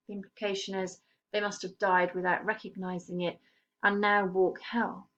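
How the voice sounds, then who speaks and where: A woman teaching a poetry lesson, explaining the text in a measured way and stressing key words. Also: medium pitch, fairly even intonation, fairly bright tone.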